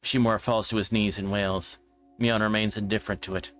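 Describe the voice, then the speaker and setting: Low-voiced man reading a story aloud. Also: fairly even intonation, normal speed, a bit bright, faint music behind. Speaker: streamer. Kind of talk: reading a visual novel aloud.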